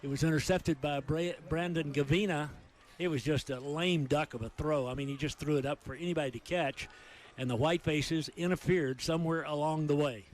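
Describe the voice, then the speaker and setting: A man with a Texan accent calling high school football play by play, with rapid excited calls during big plays. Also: a little hiss or hum. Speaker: play-by-play announcer.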